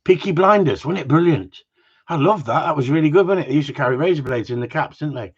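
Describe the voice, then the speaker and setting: A man's voice: a little high, expressive, quick pace, breathy edge. A man hosting a live Q&A, bantering and teasing his viewers in a rambling, joking way. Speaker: host of a live gundog Q&A stream. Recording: dull lo-fi livestream audio.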